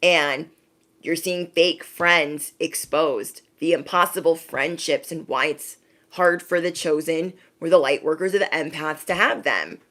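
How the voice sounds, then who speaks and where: A woman's voice: sits low, measured pace, a bit bright. Emphatic woman giving a spiritual pep talk. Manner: emphatic, repeats phrases, direct address with frequent "okay?". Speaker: spiritual reader.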